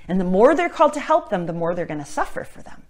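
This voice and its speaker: A woman with a mid-range voice talks earnestly about faith as a Catholic missionary. She keeps checking in with her listeners and shifts between emphatic passages and soft, near-whispered ones. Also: mid-range voice, big pitch swings, fast talker. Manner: earnest, tags points with "right?". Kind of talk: spoken reflection on faith.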